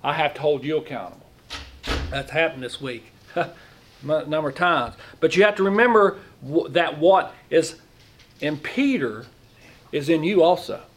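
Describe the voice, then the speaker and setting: A man's voice: fairly high pitch, moderate pace, a little hiss or hum. A middle-aged man giving a conversational sermon as a lay preacher, folksy, talking in plain informal grammar and often asking the room questions.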